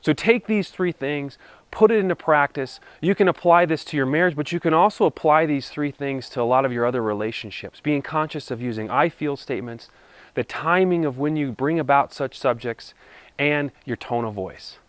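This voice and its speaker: A man speaking as a marriage counselor, giving calm, measured advice straight to the listener. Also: fairly high pitch, no room sound. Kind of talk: scripted talk-to-camera advice.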